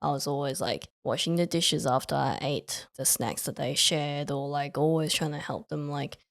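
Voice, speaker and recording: A young woman co-hosting a casual podcast, playful and quick to laugh. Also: low voice, fairly even intonation, gravelly, no echo, clean studio sound. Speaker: podcast co-host.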